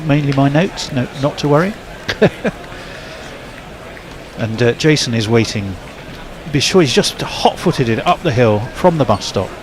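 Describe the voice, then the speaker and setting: A man commentating on cricket ball by ball, chatty and correcting himself as he goes. His pitch is middling, and clear background noise runs under his voice. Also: animated, unhurried. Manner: chatty, checks himself aloud.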